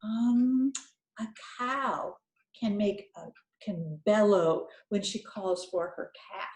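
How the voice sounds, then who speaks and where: A woman teaching a children's reading lesson, talking slowly and encouragingly as she thinks aloud. Her voice is mellow and soft-edged. The sound carries some room echo. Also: medium pitch.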